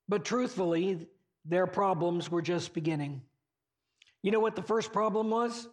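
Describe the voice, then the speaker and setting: A man's voice: high voice, unhurried. A man preaching a sermon, retelling a story in a conversational way with casual asides to the listeners.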